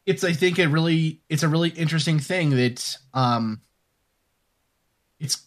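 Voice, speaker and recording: A man's voice: on the high side, measured pace. A man hosting a podcast, chatting casually and rambling, then reading an upbeat sign-off. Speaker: podcast host. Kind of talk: casual chat.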